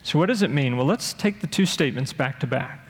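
A man's voice: fairly high pitch, lively intonation, brisk, breathy edge. A man preaching a sermon with earnest delivery, sometimes acting out the voices of people he quotes. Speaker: pastor. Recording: long hall reverb.

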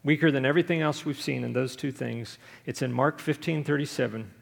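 A man's voice: mid-range voice, fairly quick, creaky. A man preaching a sermon as pastor, earnest, telling a story and acting out the quoted voices. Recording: long hall reverb.

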